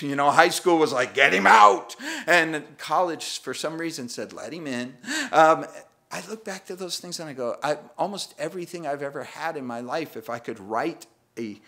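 In church, a male pastor with a medium-pitched, fairly bright voice delivers a sermon. He's conversational and self-deprecating, often acting out little voices and laughing at the text with humor.

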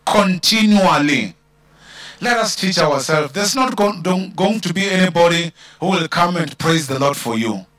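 A man with a South African English accent preaching a church sermon, drawing out key words with slow emphasis and calling out hallelujah. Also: fairly high pitch, animated, fairly bright tone, dry recording. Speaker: pastor.

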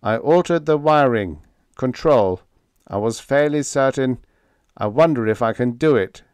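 A man voicing an old male professor whose mind now runs a spaceship, speaking through a wall speaker in a halting, toneless way. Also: mid-range voice, lively intonation, darkish tone, smooth, no room sound, pitched above the performer's own voice. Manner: toneless, halting, without inflection.

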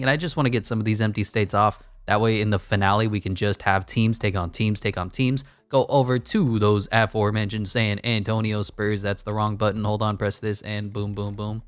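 A lower-pitched man talks through a basketball video game in a loose, joking way. He pokes fun at his own made-up rules and drops into mock play-by-play calls. The sound is close and dry, with no room around it. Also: dry recording. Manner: playful, self-mocking, mock play-by-play calls. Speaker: gaming YouTuber. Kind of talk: casual gameplay commentary.

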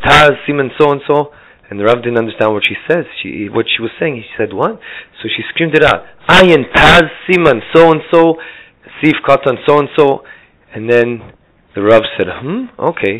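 A man's voice: medium pitch, a bit bright, dull audio. A man, a rabbi, telling a story in a Torah talk, acting out the quotes and using many Hebrew and Yiddish terms.

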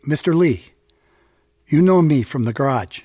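A man's voice: on the high side, animated, unhurried, dark tone. A man voicing a kind, muscular Chicano mechanic, urgent and stammering, with a Spanish-tinged accent. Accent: Mexican American Spanish-tinged English.

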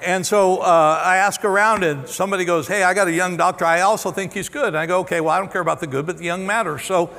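A pastor in his sixties tells a story from the pulpit with candid, self-deprecating humor, often stopping and starting again mid-phrase. His voice sits high for a man. The sound rings with the long reverb of a large church auditorium. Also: fairly even intonation, fast talker, hardly any pauses, fairly bright tone. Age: 60s. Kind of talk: storytelling sermon.

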